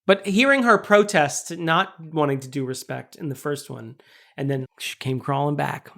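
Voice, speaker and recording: A man's voice: a little high, normal speed, creaky, a bit bright. A man co-hosting a comedy podcast, chatting casually and sarcastically, swearing freely as he riffs. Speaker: podcast co-host. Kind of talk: casual chat.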